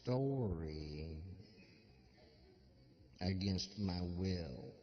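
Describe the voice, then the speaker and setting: Slow, deadpan low-voiced male comedian. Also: highs cut off. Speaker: stand-up comedian. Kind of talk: stand-up comedy.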